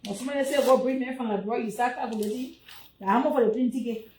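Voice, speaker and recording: Liberian woman streamer, high voice, chatty, preaches about giving. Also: racing, a little mellow, slight background noise. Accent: Liberian English. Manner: chatty and preachy, urging donations. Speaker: livestream host. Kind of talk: casual livestream chat.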